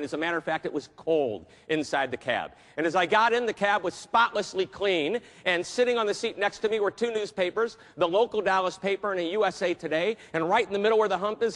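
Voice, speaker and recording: A man telling a story in a keynote speech, animated and theatrical. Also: sits high. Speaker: customer service keynote speaker. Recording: reverberant hall.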